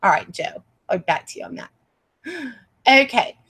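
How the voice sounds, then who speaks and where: A woman's voice: on the high side, very animated, normal speed, sharp tone, slightly rough. A woman hosting a paranormal livestream from her home setup, chatty and easily sidetracked as she reads names from the chat.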